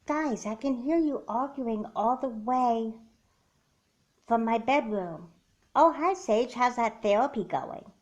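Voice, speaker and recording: A woman's voice: on the high side, expressive, takes it slowly, darkish tone, dull audio, voice pushed up. A woman voicing a protective older sister in a doll movie, firm and scolding.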